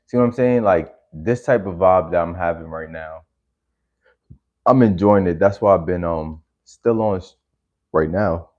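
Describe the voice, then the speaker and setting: A man's voice: low voice, unhurried, darkish tone. A man chatting casually on a stream while reacting to videos, laid-back and rambling, using lots of slang. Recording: slightly dull lo-fi audio.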